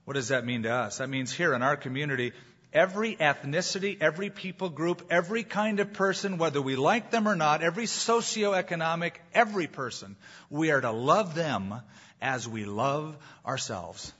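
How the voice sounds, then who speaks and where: A slightly high, husky male voice preaches with emphatic, animated delivery. He is a pastor in the middle of a sermon, and his points land with a touch of humor. The recording sounds dull and lo-fi. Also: normal speed.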